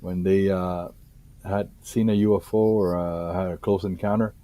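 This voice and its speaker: A man, a guest researcher on a podcast interview, reading case reports in a halting way with many fillers and restarts. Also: low voice, little pitch movement, mellow.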